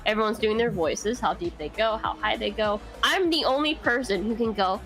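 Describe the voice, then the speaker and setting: A woman's voice: medium pitch, moderate pace, fairly bright tone, soft background music. A young woman, a voice actress, telling stories in casual chat, swearing freely and laughing often.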